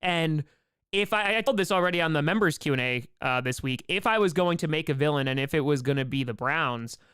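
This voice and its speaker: The man hosting this casual livestream Q&A is playful and excitable, shouting donor names and adding small sound effects to say thanks. His tone is clean, slightly high and slightly quick.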